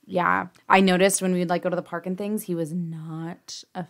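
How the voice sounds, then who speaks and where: A woman's voice: on the low side, little pitch movement, normal speed, vocal fry. A woman co-hosting a podcast, a mother of several who laughs often and quotes others in casual chat.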